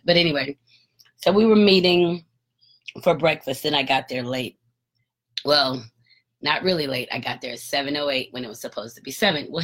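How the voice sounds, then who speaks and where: A woman hosting her own podcast, telling a story in a candid, casual way, swearing freely and getting animated as she retells an argument. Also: low-pitched, slightly rough. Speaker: podcast host and author.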